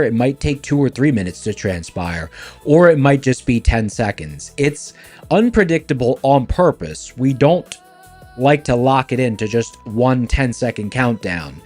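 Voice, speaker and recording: Male live-stream host, deepened voice-changer sound, playful banter with chat, animated pitch. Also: measured pace, faint music behind. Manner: playful, talks straight to chat. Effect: voice changer lowering his voice. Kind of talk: casual live-stream commentary.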